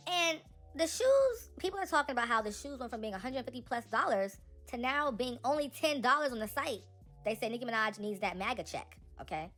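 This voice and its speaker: A young woman giving casual, animated celebrity gossip commentary, talking straight to her viewers. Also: a little high.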